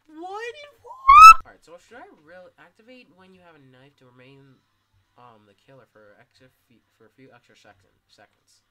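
A man commentating his own gameplay casually, swearing a lot and yelling in sudden bursts. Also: medium pitch, a little fast, a little hiss or hum. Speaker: gameplay streamer.

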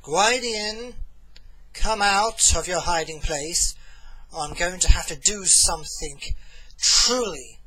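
A man voicing a cruel, lecherous noble sorcerer who sneers and threatens quietly, then rises to shouts. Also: a little high, expressive, takes it slowly, faint music behind, poor audio. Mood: sneering.

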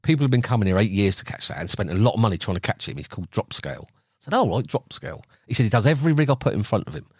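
A man's voice: lowish voice, big pitch swings, rapid-fire, a little mellow, slightly rough, no room sound, studio quality. Chatty middle-aged man telling fishing stories. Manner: chatty, acts out quoted dialogue with laughs. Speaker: podcast guest, carp angler. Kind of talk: casual storytelling.

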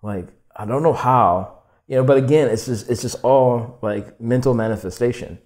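A young man telling his story as a podcast guest, casual and animated, swearing and acting out quoted lines with lots of "like". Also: medium pitch, moderate pace. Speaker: podcast guest, furniture designer.

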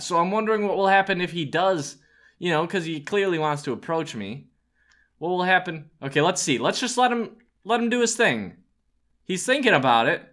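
A young man giving jokey let's play commentary, chatting to himself as he builds and yelping when startled. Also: high-pitched. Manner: animated, jokey, talks to himself while building; yelps and shouts in panic. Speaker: gaming YouTuber.

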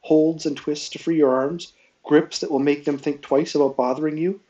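A steady, earnest girl knight-in-training, as a man reads her lines in a storybook reading, a little higher than his narration. The recording is dull and lo-fi. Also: moderate pace, natural voice. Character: determined, practical young girl page in training.

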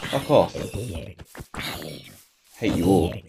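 A man's voice: sits low, animated, very slow, noisy background. Sweary young man gaming. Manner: swears constantly, grumbles, rambles. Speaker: gaming YouTuber. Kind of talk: casual let's-play commentary.

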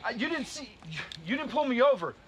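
Very high-voiced guy yelling and begging nonstop outside, agitated, voice jumping all over. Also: lively intonation, fairly quick. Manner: yelling, pleading, repeating demands. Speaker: driver being arrested. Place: outdoors at a roadside traffic stop.

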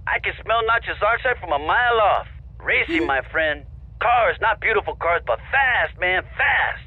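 Game role: easygoing slangy street racer, over a tinny phone line. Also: male voice, high-pitched, animated, normal speed, breathy edge, dry recording. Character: laid-back young male street racer friend. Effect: phone call. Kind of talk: video game voice acting.

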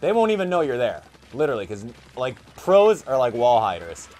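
A young man giving casual gameplay commentary, chatty and excitable, thinking aloud with plenty of fillers. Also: medium pitch, fairly quick. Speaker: gaming YouTuber.

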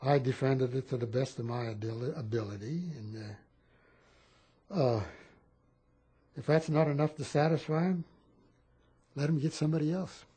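A man in his eighties, a war veteran telling stories in a rambling, animated way at a home interview. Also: medium pitch, moderate pace, long pauses. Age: 80s. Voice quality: very husky. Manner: rambling, animated storytelling with repeated phrases.

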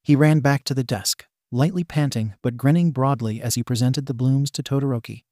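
A man reading a fan-fiction story aloud as scripted narration, in an even storybook manner. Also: mid-range voice, brisk, hardly any pauses, dry recording, studio quality.

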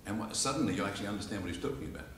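A man's voice: fairly low pitch, racing, far from the mic, slight background noise. Australian man lecturing in an echoey hall. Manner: animated storyteller, acts out quotes and laughs along. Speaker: public speaking teacher. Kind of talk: informal lecture with demonstrations. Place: church hall with live audience.

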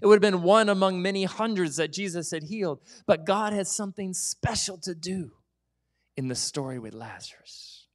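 A man's voice: high voice, moderate pace. Man preaching, dropping to whispers. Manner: drops to a soft whisper for emphasis; lively, conversational, sometimes joking. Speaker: pastor. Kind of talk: sermon.

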